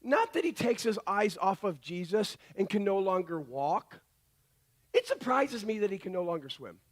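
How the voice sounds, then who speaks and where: Animated high-voiced male pastor preaching. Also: normal speed. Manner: animated storytelling, acting out voices in quotes. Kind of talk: sermon.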